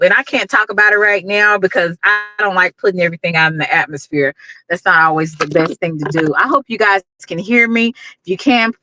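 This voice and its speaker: A woman's voice: on the low side, pushed and bright, no room sound, lo-fi sound. A middle-aged woman hosting a casual livestream, greeting viewers by name and talking with lots of fillers. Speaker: YouTube livestream host.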